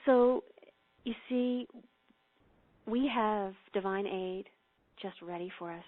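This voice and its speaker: A woman guest telling a story and leading a guided meditation, earnest and gently instructive. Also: medium pitch, slow. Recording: phone-line audio.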